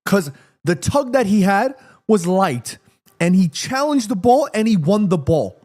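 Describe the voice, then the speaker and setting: Man, live stream host, casual chat, excitable, high pitch, animated delivery. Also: a little slow. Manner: excitable, reads viewer messages aloud, swears.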